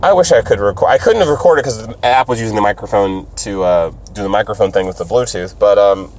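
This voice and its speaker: A man's voice: on the low side, fast talker, a little mellow, slight background noise. A man telling a rambling, profane story in a casual vlog while driving his car, acting out other people's voices as he goes. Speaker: stand-up comedian vlogger.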